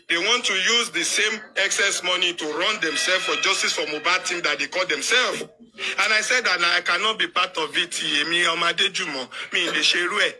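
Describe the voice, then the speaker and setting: A Nigerian man ranting live, heated, defiant and mocking, mixing Yoruba and English. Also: sits high. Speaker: commentator. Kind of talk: live online rant.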